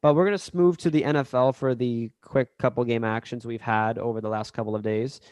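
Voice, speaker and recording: Playful slangy guy reading off football stats on a podcast, normal pitch, dry sound. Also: fairly even intonation, a little fast, a little mellow, no room sound. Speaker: podcast co-host. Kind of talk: casual sports chat.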